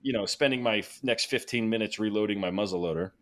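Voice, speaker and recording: A man tells a story on a podcast in a casual, animated way. He gets excited as he talks, laughs along, and often restarts his sentences. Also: fairly low pitch, quick pace. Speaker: podcast guest.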